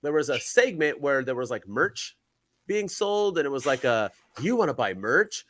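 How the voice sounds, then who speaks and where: A man co-hosting a podcast, recapping wrestling in a rambling, exasperated, animated way. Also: a little high, moderate pace. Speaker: podcast co-host. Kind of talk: casual wrestling chat.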